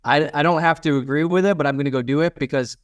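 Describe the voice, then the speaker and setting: Male podcast host, blunt and casual, smooth clear voice, dry close sound. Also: on the high side, fast talker, dry recording. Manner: blunt, swears casually, quotes people in little acted lines. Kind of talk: casual business interview.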